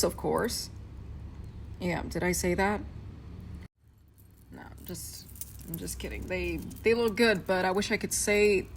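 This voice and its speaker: A young woman telling a personal story in a casual rant, frank and profane, with many fillers and pauses. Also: mid-range voice, slight background noise.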